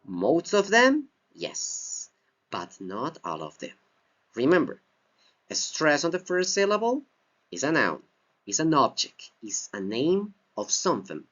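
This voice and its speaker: A man teaching an English grammar lesson from slides, speaking slowly and deliberately and repeating key phrases. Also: on the high side, huge pitch swings, a bit bright. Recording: dull lo-fi recording.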